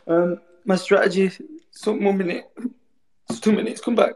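A man's voice: high voice, normal speed, pauses often, darkish tone. A man speaking as a guest in a casual online audio chat, earnest and rambling, swearing now and then.

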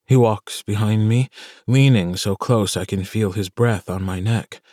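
A man's voice: lowish voice, measured pace, darkish tone, no room sound, clean studio sound. Man narrating an audiobook. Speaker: audiobook narrator and podcast host. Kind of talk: scripted narration.

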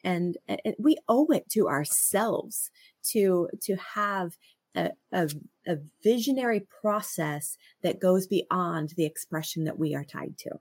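A woman's voice: fairly low pitch, lively intonation, measured pace, darkish tone, husky, no echo. Middle-aged woman, earnest co-host, stammering restarts, dry close mic. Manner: earnest, frequent restarts and stammers, laughs often. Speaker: podcast co-host. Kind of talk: reflective conversational talk.

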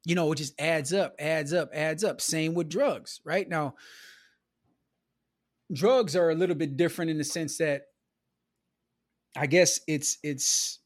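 A man from the American Midwest tells stories from his childhood in an easy, rambling manner, filling his talk with "you know", "man" and "bro". His voice sits a bit higher than most men's, and the sound is close and dry, with no room echo. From Milwaukee, US Midwest. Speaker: podcast guest. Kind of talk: casual storytelling conversation.

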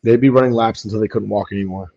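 A New man co-hosting a sports podcast with a husky, low voice, throwing blunt, deadpan jabs. His sound is dull and lo-fi, as if from a cheaper mic. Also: quick pace. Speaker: podcast co-host. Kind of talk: casual sports banter.

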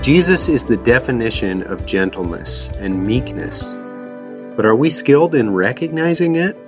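A man narrating a scripted devotional teaching, telling a story dramatically and shouting the characters' lines. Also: mid-range voice, animated, unhurried, over music. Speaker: podcast host teaching on faith.

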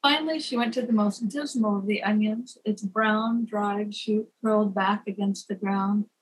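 A woman narrating a gentle fable at an unhurried pace, softly chanting the repeated refrains. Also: mid-range voice, steady tone, husky, poor audio. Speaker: storyteller. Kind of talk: scripted narration.

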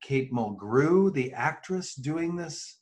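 A man's voice: a little high, animated, slow, a little mellow. A man co-hosting a podcast in casual chat, thinking aloud with hesitant restarts. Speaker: podcast co-host.

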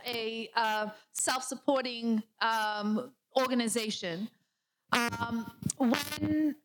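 A woman presenting as a ministry director at a convention, earnest and emphatic, with frequent pauses and fillers. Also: on the high side, low-quality recording. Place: convention hall.

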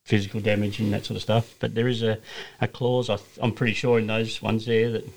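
A man's voice: on the low side, little pitch movement, fairly quick, vocal fry, darkish tone. Australian male racer, casual anecdotal storyteller, chatty and loose. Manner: rambling anecdotal storyteller, many fillers and restarts. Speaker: racing driver guest. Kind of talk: casual podcast chat.

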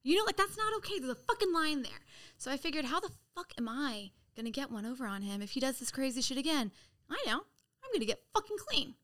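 A woman with a fairly high, bright voice tells a personal story as a podcast guest. Her pitch leaps all over as she acts out what others said, swearing freely in a loose, casual delivery. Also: quick pace. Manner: animated, profane, acts out quotes.

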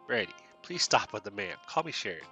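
Man putting on a gentle middle-aged mom, raised pitch, welcoming, storybook voice. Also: very animated, fairly quick, faint music behind, full character voice. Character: kind middle-aged mother, warm hostess.

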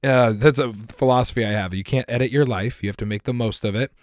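A man hosting a podcast in a casual, earnest monologue, his voice hoarse from a week of coughing, with throat-clearing and small restarts. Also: medium pitch, quick pace, no room sound, clean studio sound. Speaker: podcast host.

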